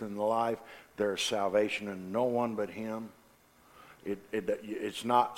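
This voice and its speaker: A man preaching a sermon, passionate and forceful, dropping to quiet asides between loud declarations. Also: on the low side. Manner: impassioned, swings from loud to quiet.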